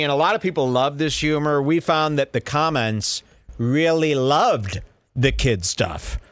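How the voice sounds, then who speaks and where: A man's voice: medium pitch, dry recording. A man hosting a podcast, giving sarcastic, mocking commentary on comedy clips. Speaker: podcast host reviewing clips. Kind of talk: casual commentary.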